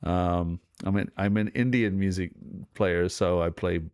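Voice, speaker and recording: A man's voice: low-pitched, fairly even intonation, a little slow, darkish tone, clean tone, no room sound, clean studio sound. A middle-aged man hosting, talking in a loose, digressive way with many fillers and restarts. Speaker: host. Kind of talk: casual spoken commentary.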